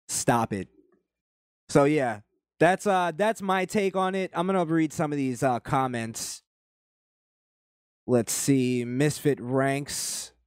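A man's voice: mid-range voice, no room sound. Profane ranting male commentator, dry sound. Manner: heated, profane, ranting delivery. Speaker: commentary channel host.

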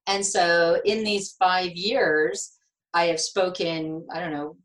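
A middle-aged woman, a nurse turned speaker, telling her story as an interview guest in an animated, emotional way with frequent restarts. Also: lowish voice, takes it slowly, poor audio.

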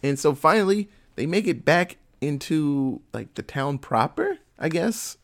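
A man's voice: a little high, big pitch swings, unhurried, gravelly. A man in casual chat, retelling a movie plot in a profane, laughing storytelling manner.

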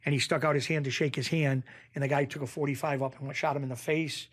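A middle-aged man from Springfield, Massachusetts, telling stories as a podcast guest in a rambling, animated way with frequent restarts. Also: a little high, quick pace, no echo, clean studio sound. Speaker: podcast guest, former mob bookie. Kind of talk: casual storytelling interview.

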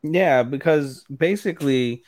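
A man's voice: fairly high pitch, darkish tone, dry recording. Man recapping anime, dry close sound. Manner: retells scenes, acting out characters' lines in quick impressions. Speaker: podcast co-host. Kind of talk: casual anime recap chat.

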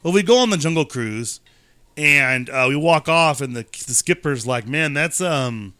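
Casual podcast co-host, male, bright clear tone, dry close sound, rambling storyteller. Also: fairly high pitch, normal speed, no echo. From California, USA. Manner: rambling storyteller, animated asides. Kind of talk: casual chat.

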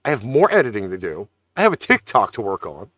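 A man's voice: fairly low pitch, wildly swooping pitch, fast, fairly bright tone, no room sound. Profane, ranting podcast man. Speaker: podcast co-host and producer. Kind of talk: casual sports chat.

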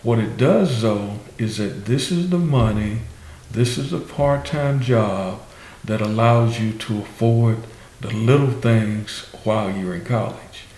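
Low-voiced man giving advice, echoey. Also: slow, a little mellow, a little hiss or hum. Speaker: healthcare education representative. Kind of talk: panel discussion answer.

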